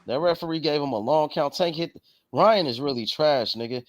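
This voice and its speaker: A man with a notably high voice chats casually, emphatic and full of slang and profanity. He presses his points hard. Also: normal speed, no echo. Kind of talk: casual chat.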